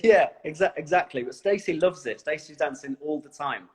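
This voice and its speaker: A man's voice: on the high side, fairly quick. A man joining a livestream as a guest on a video call, chatting in an easygoing way and laughing readily. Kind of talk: casual chat.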